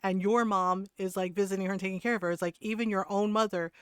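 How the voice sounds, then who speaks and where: Brief: woman streamer, casual animated chatter, profane, crisp, dry close-mic sound. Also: medium pitch, fast, no echo. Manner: animated retelling, profane, laughs often. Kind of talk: casual chat.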